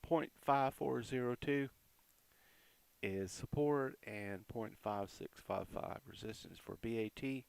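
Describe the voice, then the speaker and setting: A man giving casual, chatty commentary on crypto price charts, reading out support and resistance levels with quick asides. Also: medium pitch, creaky, darkish tone, clear, resonant tone, dry recording.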